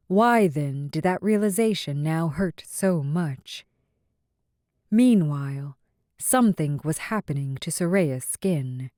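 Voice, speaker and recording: A woman narrating a romance audiobook in a measured, even storytelling manner. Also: low-pitched, dry recording, clean studio sound.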